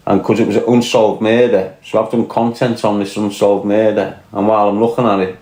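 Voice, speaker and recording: With a lowish, slightly mellow voice and a roomy sound, a Liverpool man with a Scouse accent hosts a casual livestream. He's blunt and combative, swearing while he reads viewers' chat and responds to it.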